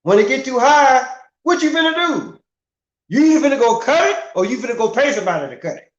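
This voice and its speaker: A man's voice: very high-pitched, very animated, fast talker. A middle-aged man in a casual, profane rant as a livestream host, asking rhetorical questions with emphasis. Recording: roomy, dull lo-fi sound.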